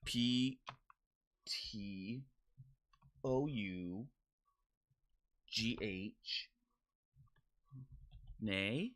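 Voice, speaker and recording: A woman's voice: extremely low pitch, very slow, pauses often. A woman livestreamer chatting casually, rambling and stumbling over restarts as she reads and answers viewer messages. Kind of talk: casual chat while reading viewer messages.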